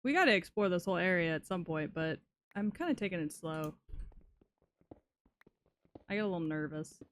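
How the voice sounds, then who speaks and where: A young woman chatting casually with her viewers while playing a game, swearing often and reacting loudly to chat messages. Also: on the low side. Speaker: streamer. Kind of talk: casual live-stream chat while gaming.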